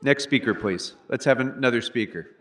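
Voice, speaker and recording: A man's voice: medium pitch, normal speed, a bit bright. A man chairing a city council meeting from the dais, curt and firm, handing out dry rebukes. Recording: reverberant council chamber.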